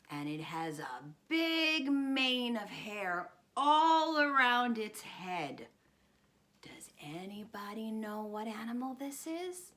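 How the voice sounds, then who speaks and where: Bright clear lady reading a picture book to little kids, swoops up and down, lots of gasps. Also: fairly high pitch. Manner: animated and expressive, with gasps and drawn-out words; coaxing and encouraging, asking children questions. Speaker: speech teacher. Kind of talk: reading a guessing picture book to young children.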